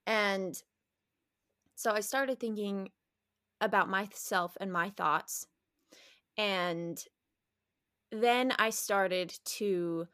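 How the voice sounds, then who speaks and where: A woman speaking as an interview guest, animated and candid, often restarting sentences and laughing as she talks. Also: mid-range voice, very slow, pauses often, smooth, dry recording, clean studio sound.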